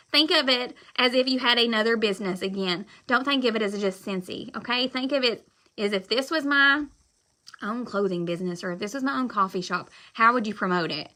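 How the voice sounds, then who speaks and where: A woman talks loudly and emphatically in a live-stream pep talk, blunt but quick to apologize. Her voice is bright and forceful, set a little high. She rambles, circling back to the same points. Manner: loud and fired up, talks emphatically. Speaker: direct-sales consultant.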